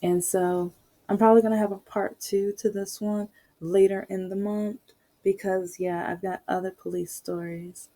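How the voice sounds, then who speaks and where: A woman's voice: medium pitch, level tone, moderate pace, mellow. A woman podcaster telling a personal story in a candid, rambling way, full of asides.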